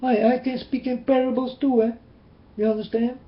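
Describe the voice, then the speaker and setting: Urgent high-voiced man preaching to webcam. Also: level tone, normal speed. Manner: urgent, repeating, pleading with listeners. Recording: roomy, dull webcam audio.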